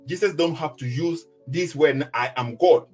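A man's voice: a little high, a little slow, darkish tone, slightly rough, soft background music. A man with a Ghanaian accent teaching from the Bible in a preaching style, switching between Twi and English and reading verses aloud. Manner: mixes Twi and English, reads scripture aloud. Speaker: religious debater.

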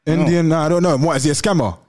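Fast-talking host saying bruv. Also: male voice, on the high side, a little mellow. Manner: slangy, says "bruv" constantly. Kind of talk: live call-in show banter.

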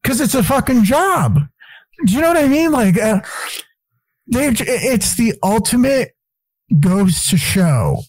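A man talks as a podcast guest in loose, rambling, profanity-laced stories, laughing as he goes. His voice is dark and mellow. The sound is dry and close, with little room in it. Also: sits high, dry recording. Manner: excitable, quick to laugh. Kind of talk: casual chat.

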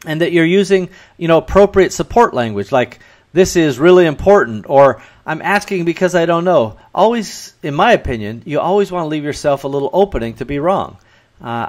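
A man hosting a podcast, giving earnest business advice in a solo talk and acting out bits of dialogue. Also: fairly high pitch. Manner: earnest and advising, acts out dialogue in quotes. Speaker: podcast host.

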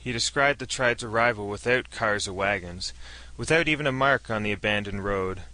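Bright-toned male story narrator. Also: on the low side, moderate pace, rough recording. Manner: steady storytelling reading.

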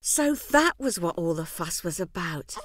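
Rueful housewife, wry and a bit downcast, film monologue. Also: female voice, on the low side, very animated, a little slow, dry recording. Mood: wistful. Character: weary, wry English housewife in a loveless marriage.

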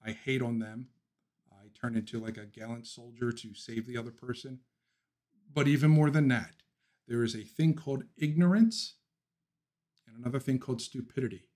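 Chatty opinionated Philly-raised livestream host. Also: male voice, medium pitch, normal speed, darkish tone. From Philadelphia. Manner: laughs often, opinionated ranting; talks through thoughts with frequent ums and restarts. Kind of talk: casual livestream chat, reading viewer comments.

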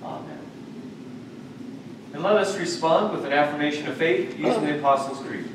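A man leading a church service, reading scripture in a measured way and chatting playfully with children. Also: fairly high pitch, over a noisy crowd. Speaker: pastor. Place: church sanctuary. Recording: echoey sanctuary recorded from far off, noisy.

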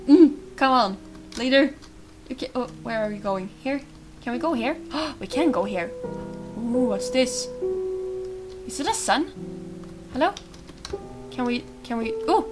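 A woman's voice: high-pitched, expressive, unhurried, pauses often, music in the background. A young woman playing a game, reacting emotionally and reading its dialogue aloud. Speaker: let's play host. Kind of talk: let's play commentary and reading dialogue aloud.

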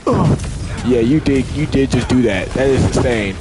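A young man streaming a video game, reacting with loud excited exclamations and profane trash talk at the enemies. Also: medium pitch, normal speed, very noisy. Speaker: gaming streamer. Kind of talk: live gameplay commentary. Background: loud game music.

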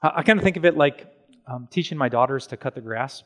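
A man preaching a sermon as pastor, animated and conversational, with slow, hushed stretches on solemn points. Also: medium pitch. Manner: animated and conversational, with everyday examples and quick asides.

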